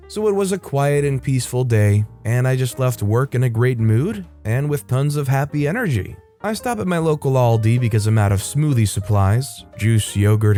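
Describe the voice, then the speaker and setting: A man's voice: mid-range voice, dark tone. A young man hosting a channel, reading online stories aloud and adding casual, wry commentary. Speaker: host.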